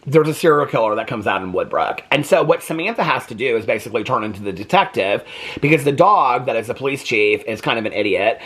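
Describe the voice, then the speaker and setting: A man casually reviewing graphic novels on his book vlog, animated, laughing often and using lots of filler words. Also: medium pitch, breathy edge. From United States.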